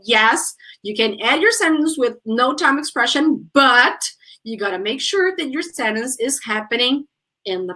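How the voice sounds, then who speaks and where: Bright-voiced woman teaching English. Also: sits high. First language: Portuguese. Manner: lively, chatty, acts out exasperated example questions. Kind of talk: online English grammar lesson.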